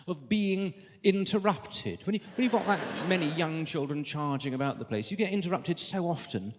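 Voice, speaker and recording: A man's voice: on the high side, animated, moderate pace. A middle-aged man doing stand-up, with self-mocking, exasperated storytelling. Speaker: stand-up comedian. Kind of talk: stand-up routine. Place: comedy stage. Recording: reverberant hall, background noise.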